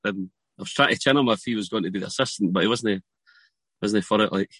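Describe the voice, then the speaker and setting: Husky Scottish man telling stories. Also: fairly low pitch, quick pace, no echo. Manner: animated storytelling with laughs. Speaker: podcast guest. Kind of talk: casual podcast chat.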